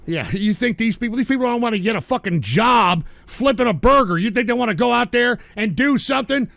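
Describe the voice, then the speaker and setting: A man's voice: very high voice, lively intonation, brisk, gravelly, fairly bright tone, no echo. A man hosting a live stream, reading out donations and ranting angrily with lots of swearing. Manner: angry, profane ranting. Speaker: livestream host.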